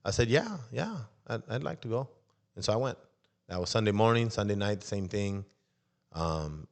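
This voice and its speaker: A middle-aged man telling his personal faith testimony as a podcast guest, acting out the dialogue with a raised voice. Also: on the low side. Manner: storytelling, acts out dialogue in raised voice.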